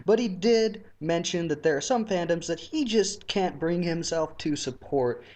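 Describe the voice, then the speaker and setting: A man's voice: a little high, expressive, normal speed, darkish tone. A man with a slightly raised voice co-hosts a casual podcast. He jokes around and laughs easily, talking in a loose, offhand way. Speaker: podcast co-host.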